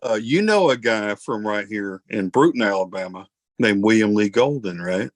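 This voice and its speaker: A man's voice: fairly low pitch, lively intonation, moderate pace, dry recording. A man hosting an interview, chatting in a rambling, folksy, self-deprecating way. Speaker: host. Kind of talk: casual interview chat.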